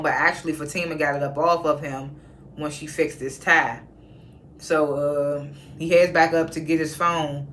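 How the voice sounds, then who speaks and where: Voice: medium pitch, fairly bright tone, a little hiss or hum. A TV reviewer casually recapping an episode, retelling scenes in a conversational way with quoted lines and personal asides.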